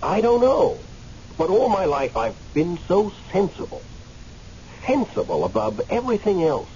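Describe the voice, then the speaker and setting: A man performs a heavily acted role as a freshly dead man caught in limbo for a radio drama, his warm voice sitting high and swinging hugely in pitch at a slightly slow pace. The character is angry and pleading, earnest and agitated, stammering hesitantly at moments and then speaking with passion. Audio is muffled, like an old radio recording, with a faint hiss.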